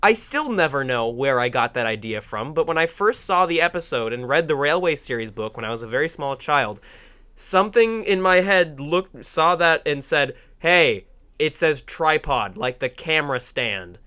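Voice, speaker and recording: A young man hosts a casual podcast and jokes his way through the chat. His voice is bright and a little high, and his pitch jumps around a lot as he teases, laughs and goes off on tangents. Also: normal speed, clear, resonant tone. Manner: animated, jokey, sarcastic, laughs often. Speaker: podcast host.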